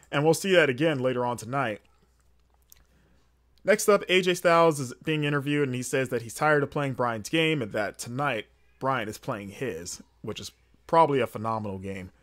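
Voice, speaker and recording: A man hosting his own podcast, talking through a recap in a loose, casual way. His delivery rambles, with frequent fillers and quick self-corrections as he gathers his thoughts. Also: medium pitch, a bit bright. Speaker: podcast host. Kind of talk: casual solo recap commentary.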